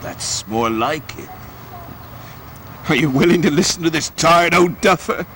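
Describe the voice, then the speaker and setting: A man's voice: fairly high pitch, lively intonation, unhurried, fairly bright tone. A man playing a scheming, condescending older gent. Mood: conspiratorial. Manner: persuasive, theatrical, condescending. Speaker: actor in a 1950s mystery drama. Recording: hissy old VHS film transfer.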